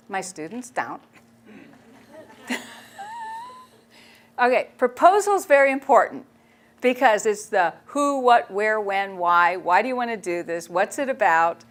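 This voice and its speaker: Animated woman telling stories to a crowd. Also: fairly high pitch, unhurried, pauses often. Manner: animated, chatty, laughs often. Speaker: speaker, photojournalist. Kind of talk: storytelling public talk.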